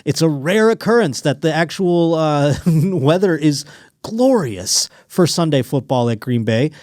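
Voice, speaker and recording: A man's voice: fairly high pitch, lively intonation, unhurried, a little mellow, no echo, studio quality. A man hosting a comedy podcast, telling rambling stories and riffing on the news in casual chat. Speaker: podcast host.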